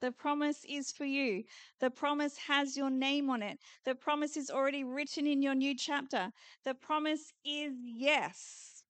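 A woman's voice: sits high, fairly even intonation, unhurried, fairly bright tone, no room sound. A woman preaching prophetically at a church conference, declaring promises over the listeners in earnest, repeated phrases. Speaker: conference speaker.

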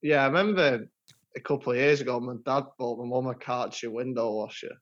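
A man's voice: mid-range voice, fairly quick. A man co-hosting a casual podcast with dry, mock-formal humour. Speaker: podcast co-host. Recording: dull lo-fi sound.

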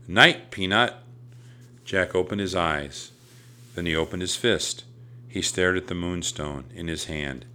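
A man reads a children's storybook aloud with a deep, low voice and an unhurried pace. His tone is bright and crisp, steady and even as he tells the tale. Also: slight background noise. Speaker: narrator.

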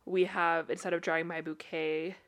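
Young woman co-host, somewhat low voice, bubbly storyteller who laughs easily. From Utah. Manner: animated storyteller, laughs often, quick bursts of rising pitch. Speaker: podcast co-host. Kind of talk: casual chat.

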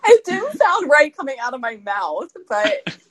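A woman's voice: sits high, very animated, measured pace, fairly bright tone, poor audio. A young woman co-hosting a podcast, teasing her co-host in casual chat. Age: young adult. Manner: teasing, wry.

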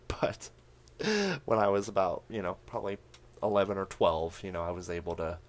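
A young man hosting a podcast, recapping a horror film in animated, laugh-filled storytelling that acts out the characters' lines. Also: deep voice, moderate pace. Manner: animated storytelling, laughing often, acting out quotes. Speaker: podcast host.

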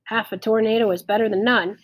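A woman voicing a calm, folksy country father with a dry way of talking, in a storybook reading. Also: medium pitch, fairly quick, close to an everyday voice.

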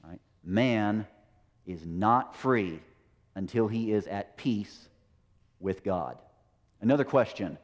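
A man's voice: fairly low pitch, lively intonation, takes it slowly, long pauses. A middle-aged American man preaching a sermon, tossing rhetorical questions and "right?" at his listeners. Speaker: pastor. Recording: long hall reverb.

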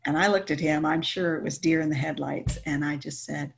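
Gravelly low-voiced woman telling her story. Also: a little fast. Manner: animated storytelling, laughing often. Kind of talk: personal testimony chat.

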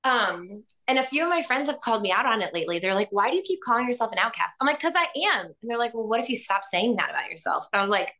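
Bright, higher-pitched chatty woman. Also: rapid-fire, hardly any pauses. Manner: rambling and animated, many fillers and frequent laughs. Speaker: podcast host. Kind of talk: casual chat.

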